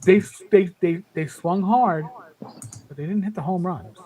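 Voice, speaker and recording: A man's voice: high-pitched, measured pace, warm tone, slight background noise, rough recording. A man in his fifties talking emphatically in a casual podcast chat, often repeating words as he starts a thought. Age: 50s. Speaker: panelist.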